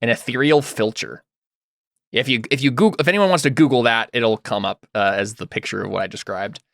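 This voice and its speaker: Casting: male game master, mid-pitched, dry close mic, chatty and rambling. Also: brisk, gravelly, a bit bright, dry recording. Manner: rambling, filler-heavy describing. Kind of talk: narrating a tabletop game.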